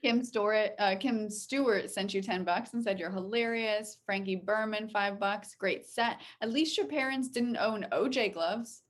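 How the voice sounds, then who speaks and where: A woman's voice: medium pitch, measured pace, hardly any pauses. A woman co-hosting over a video call, plainly reading out viewers' tips and messages in casual chat.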